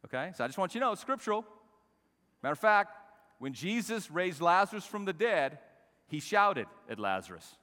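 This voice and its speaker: Bright-voiced preacher man in a reverberant hall. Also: a little high, sing-song, fairly quick, pauses often. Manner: swings from soft talk to shouting; asks the congregation to repeat phrases. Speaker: pastor. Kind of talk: sermon.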